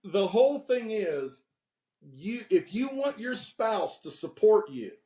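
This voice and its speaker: A man's voice: sits high, big pitch swings, slow pace, mellow, reverberant. A man in his fifties, a podcast guest, telling candid stories with frequent laughs and giving preachy advice. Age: 50s.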